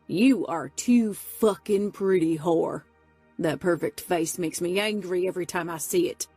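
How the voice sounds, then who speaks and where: A woman's voice: on the low side, a little slow, a little mellow, husky, dry recording, faint music behind. A woman narrator voicing a menacing, gloating male biker gang boss who taunts his captive. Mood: vicious. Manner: sneering, taunting.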